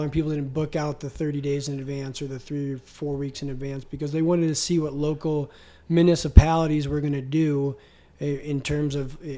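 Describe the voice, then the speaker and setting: A man with a fairly high but mellow, dark-toned voice. He thinks aloud in a relaxed podcast conversation, pausing and restarting his sentences. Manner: reflective, hesitant, repeats words. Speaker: co-host. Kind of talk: casual business podcast chat.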